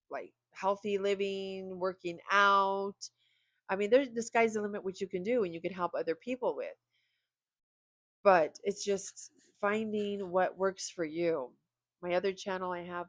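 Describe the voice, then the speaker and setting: A woman's voice: on the low side, no room sound, studio quality. A tired middle-aged woman chatting candidly and a little ramblingly to camera as a video creator. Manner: candid and rambling, with small laughs. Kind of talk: casual vlog talk to camera.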